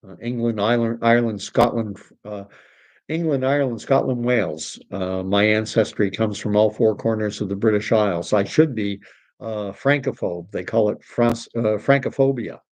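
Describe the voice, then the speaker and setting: A man's voice: on the low side, darkish tone, no echo. A man from Canada hosting a casual livestream, reading viewer comments and rambling with frequent restarts. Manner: rambling, self-correcting, reads comments aloud. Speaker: livestream host.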